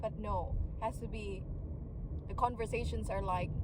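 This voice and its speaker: A woman's voice: medium pitch, steady tone, moderate pace. A woman in her late twenties, vlogging candidly outdoors at a beach. She sounds weary and frank, slipping into frustrated sarcasm. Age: late 20s. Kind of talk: candid personal vlog. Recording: loud outdoor traffic noise.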